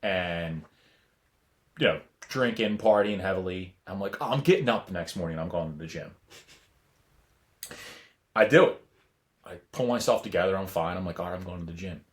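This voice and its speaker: A man co-hosting a podcast, chatting casually and telling a halting, rambling story full of restarts. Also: sits low. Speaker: podcast co-host. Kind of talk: casual chat.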